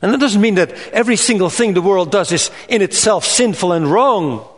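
A man preaching a sermon in an earnest, measured way, rising in pitch on emphatic lists. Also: animated. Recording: reverberant hall sound.

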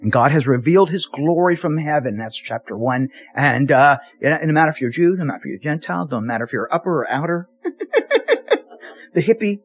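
A man's voice: on the high side, quick pace, hardly any pauses. A man preaching a sermon as pastor in a church, telling jokey stories with lots of restarts. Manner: animated, jokey storytelling with many restarts. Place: church sanctuary.

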